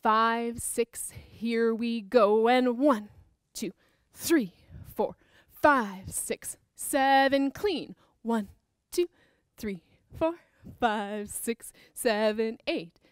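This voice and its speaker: A woman's voice: fairly high pitch, very slow, hardly any pauses, smooth, dry recording, clean studio sound. A woman teaching a creative movement dance class for children, upbeat and encouraging as she counts out the moves. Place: dance studio with a piano.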